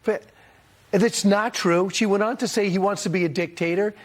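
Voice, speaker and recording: A man co-hosting a TV news talk segment, speaking in a brisk, animated way. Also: sits high. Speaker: morning show co-host.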